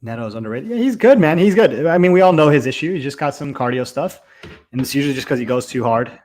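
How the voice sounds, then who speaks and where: Fast and medium-pitched, a young man chats loosely while co-hosting a fight watch-along. It's casual live fight commentary, sprinkled with swearing and plenty of fillers.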